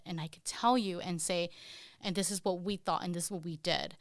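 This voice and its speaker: Earnest, lowish-voiced woman, dry sound. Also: brisk, a bit bright, no echo. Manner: earnest and heartfelt, with many fillers. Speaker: guest, parent of an autistic child. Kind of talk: candid conversational interview.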